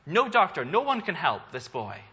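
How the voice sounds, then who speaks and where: A man's voice: on the high side, wildly swooping pitch, moderate pace, sharp tone, slightly rough, muffled recording. A man preaching a sermon as the pastor, earnest, asking rhetorical questions and building in force for emphasis.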